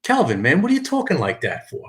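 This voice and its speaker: A man's voice: on the high side, huge pitch swings, fast talker, fairly bright tone. Rambling man with a thick New York accent. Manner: rambling, repeats and restarts, reads chat aloud. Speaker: live stream host. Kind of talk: casual live stream chat.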